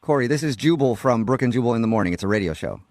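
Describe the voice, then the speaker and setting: A man's voice: mid-range voice, expressive, very fast, a little mellow, no room sound. A man hosting a morning radio call-in show, teasing callers and laughing often.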